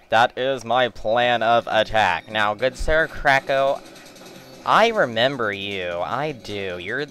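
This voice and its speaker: A man's voice: fairly low pitch, fairly bright tone. A young man giving rambling, joking gameplay commentary, swearing at the bosses as he plays. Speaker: let's play commentator.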